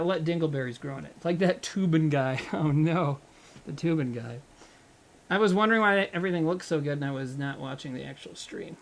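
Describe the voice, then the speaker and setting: A comedian with a high-pitched, fairly bright voice cooks on a livestream while chatting casually. He rambles, jokes and swears freely.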